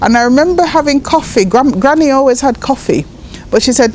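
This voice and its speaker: A woman from Jamaica, a poet, telling personal stories in an interview with an animated manner, acting out voices and laughing often. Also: high-pitched, fairly quick, a little hiss or hum. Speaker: guest, poet and writer.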